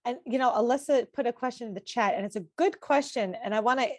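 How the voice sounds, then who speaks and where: A woman's voice: a little high, quick pace, no room sound, clean studio sound. A woman co-hosting a live podcast on anxiety, chatting casually and greeting viewers with frequent laughs. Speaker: podcast co-host and anxiety coach. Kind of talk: casual live-stream chat.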